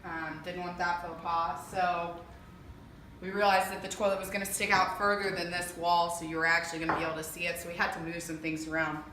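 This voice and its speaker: A woman's voice: on the low side, flat delivery, fairly quick, pushed and bright, a little hiss or hum. Chatty woman touring a bare, echoey room. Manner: chatty, lots of ums, thinking aloud. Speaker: homeowner giving a renovation tour. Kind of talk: casual walkthrough vlog. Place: empty house under renovation, indoors. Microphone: camera mic held by another person.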